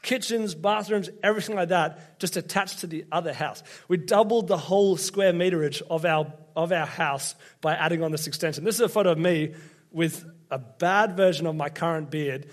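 A man's voice: a little high, normal speed. A young Australian man giving a casual sermon, telling chatty, self-deprecating stories to a church congregation. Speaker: preacher.

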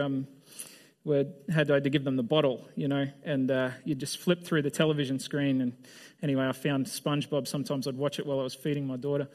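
A man with a notably high-pitched voice preaching a sermon to a gathered congregation. His delivery is loose and conversational, full of questions thrown out to the room. He often restarts or drops a sentence halfway before pressing on. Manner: restarts and trails off mid-sentence. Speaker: pastor.

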